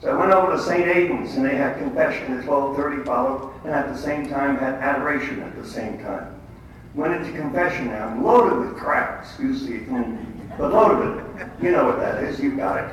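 A man's voice: medium pitch, expressive, brisk. An older man giving a faith talk to a group, telling stories with quoted dialogue in an emphatic way. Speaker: lay speaker at a prayer meeting. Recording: echoey hall, distant mic, faint background noise.

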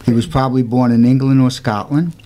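A man's voice: steady tone, brisk, dark tone. A man telling the story of a saint in an informal, earnest way, with emphatic rhetorical questions. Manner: earnest, emphatic, rhetorical questions, raises pitch for quoted voices. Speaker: storyteller presenting a saint's life.

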